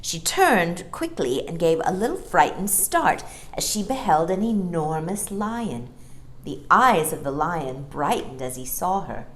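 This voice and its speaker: Expressive low-voiced woman storyteller. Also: unhurried, slight background noise. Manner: expressive, lilting. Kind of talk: storybook reading aloud.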